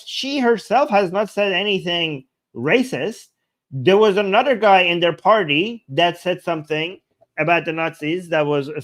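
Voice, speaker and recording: Guy reacting to a clip, sarcastic, keeps repeating himself, kinda high voice. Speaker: channel host. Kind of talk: casual reaction commentary.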